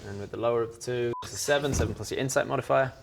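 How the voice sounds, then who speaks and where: A man at a middle pitch runs a tabletop game, patiently laying out rules, rolls and choices for his players. There is faint noise in the background. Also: very fast, creaky. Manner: patient, explaining rules at length. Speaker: game master.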